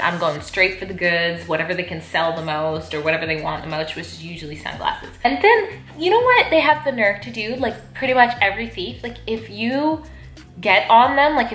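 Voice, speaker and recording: A woman vlogger telling stories in a chatty, animated way while folding laundry, with lots of fillers. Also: mid-range voice. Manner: chatty, animated, lots of "like", jumps to loud outbursts when retelling. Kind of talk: casual storytelling chat while folding laundry. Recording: echoey room with faint music.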